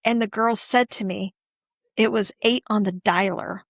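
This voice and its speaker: A woman's voice: medium pitch, steady tone, measured pace, creaky, no room sound. Chatty woman, dry close sound. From Northwestern Pennsylvania. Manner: rambling, chatty, full of restarts. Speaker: podcast co-host. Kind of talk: casual chat.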